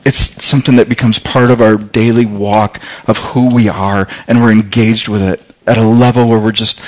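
A middle-aged man preaching a sermon, telling a personal story with lots of restarts, getting louder when reliving the danger and softer when he reflects. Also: fairly low pitch, level tone, normal speed, poor audio. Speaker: pastor.

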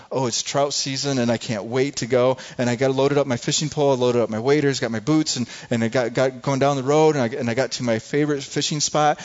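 Animated storytelling pastor, man. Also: mid-range voice, highs cut off. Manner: animated, folksy storyteller with restarts. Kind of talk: storytelling sermon.

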